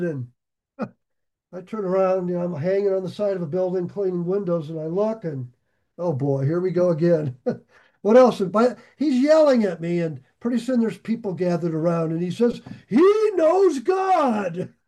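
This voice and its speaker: A man's voice: high-pitched, normal speed, mellow. A man leading a Bible study, telling a rambling story with chuckles. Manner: rambling, chuckling anecdote teller. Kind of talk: casual storytelling.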